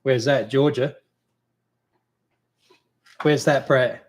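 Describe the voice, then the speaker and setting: An Australian man chats loosely on a live stream, wandering off on tangents with plenty of ums and restarts. His voice sits at an ordinary middle pitch. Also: steady tone, drawn-out words. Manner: rambling, easygoing, many fillers and restarts. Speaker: co-host. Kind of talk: casual live Q&A chat.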